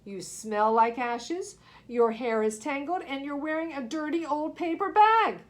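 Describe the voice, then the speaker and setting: A woman's voice: high voice, animated, measured pace, voice pushed up. Woman doing a snooty scolding prince. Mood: haughty scolding. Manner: scolding, prim and disapproving. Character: snooty fussy young prince.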